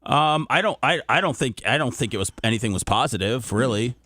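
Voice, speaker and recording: A man's voice: medium pitch, expressive, fairly quick, bright, forceful tone, no room sound, studio quality. Hesitant male radio co-host. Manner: hurt, hesitant, stumbling. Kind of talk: on-air argument with the host.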